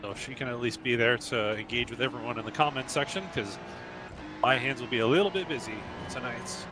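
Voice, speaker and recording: A man's voice: medium pitch, brisk, over music. A man coaching as he drives on a live stream in a sim racing club, calling out short, clipped driving instructions in a running commentary.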